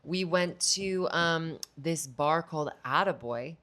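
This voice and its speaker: A woman co-hosting a podcast in casual chat, enthusiastic, chiming in with quick agreement. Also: sits low, a bit bright. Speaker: podcast co-host.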